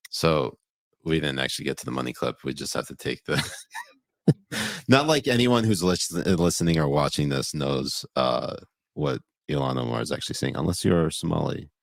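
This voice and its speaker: A man's voice: a bass voice, lively intonation, moderate pace, vocal fry, no echo, clean studio sound. A man co-hosting a podcast, joking around in loose banter and often trailing off and restarting mid-sentence. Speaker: podcast co-host. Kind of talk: casual comedic banter.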